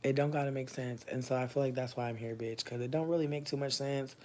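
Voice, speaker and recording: A woman in her thirties chatting casually on a livestream, answering viewers' comments, loud, profane and often laughing. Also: a bass voice, fairly even intonation, fast. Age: 30s. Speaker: livestream host.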